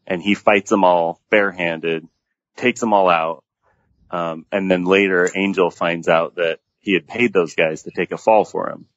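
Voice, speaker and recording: Low-voiced man retelling movie scenes. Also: no echo. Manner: animated, retells scenes at length. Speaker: podcast guest. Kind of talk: casual movie discussion. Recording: dull lo-fi audio.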